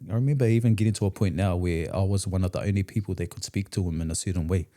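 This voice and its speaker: A man's voice: low voice, racing, dark tone. A man from New Zealand with a New Zealand accent, a podcast guest telling his story in a blunt, profane, slangy way. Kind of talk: candid storytelling in conversation.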